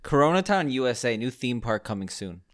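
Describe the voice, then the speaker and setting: A man co-hosting a podcast, joking and quick to laugh in casual banter over a call. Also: mid-range voice, very animated. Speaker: podcast co-host. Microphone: remote call.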